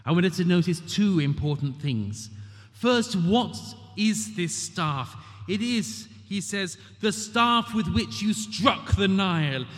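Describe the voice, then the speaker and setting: Emphatic preacher in a reverberant hall. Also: male voice, high voice, animated, slow pace. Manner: emphatic, rhetorical questions, dramatic quoting. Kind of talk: sermon. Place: church. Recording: long reverb of a large hall.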